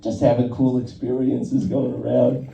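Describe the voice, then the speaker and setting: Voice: mid-range voice, little pitch movement, unhurried, gravelly, mellow, echoey room, far from the mic, lo-fi sound. A stand-up comedian telling loose, profane stories on a club stage and laughing at their own jokes. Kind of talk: stand-up set at an open mic.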